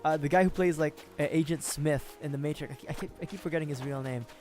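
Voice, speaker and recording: A man's voice: a little high, a little mellow. Rambling man streaming a cozy game. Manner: rambling, self-correcting, quick to chuckle. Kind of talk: casual gaming livestream commentary. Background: game music.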